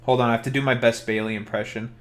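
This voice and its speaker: A man's voice: medium pitch, level tone, fast talker, faint music behind. A man streaming while he plays a game, chatting casually in joking, profane rants. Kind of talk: casual gameplay chat.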